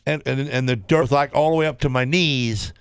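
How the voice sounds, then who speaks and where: A man's voice: medium pitch, fairly even intonation, brisk, clean tone, no echo, studio quality. A man, telling a long story on a radio talk show, rambling and restarting often.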